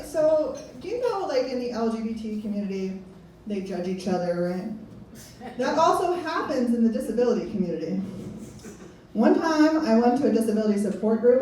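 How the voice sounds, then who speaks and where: A woman's voice: medium pitch, dark tone, slight background noise. A stand-up comedian woman, echoey club from far off. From Pennsylvania. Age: 30s. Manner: rambling, self-mocking, laughing at own jokes.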